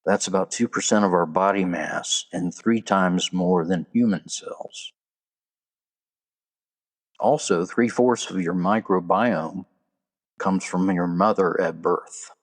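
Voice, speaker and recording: Male podcast host, very low voice, unhurried folksy delivery of trivia and jokes. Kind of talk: casual solo podcast monologue.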